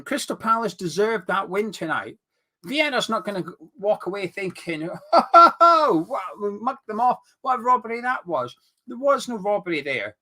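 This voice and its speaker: A young man hosts a football fan chat, plainly worked up and exasperated. His voice is bright and sits a little high, and it swings widely as he rants. He turns sarcastic now and then. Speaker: fan channel host. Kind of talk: heated football fan commentary.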